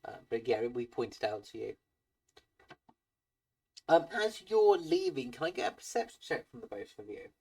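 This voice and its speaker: A man's voice: medium pitch, wildly swooping pitch, moderate pace, creaky, long pauses, a little mellow. A man narrating as game master of a tabletop game, hesitant with frequent ums. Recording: voice from far off the mic.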